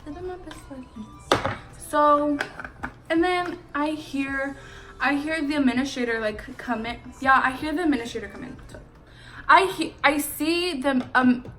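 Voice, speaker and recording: High-voiced teenage girl, casual storyteller. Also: a little slow, a bit bright, faint music behind, low-quality recording. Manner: slangy and laid-back, drops to a low murmur at asides. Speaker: vlogger's best friend.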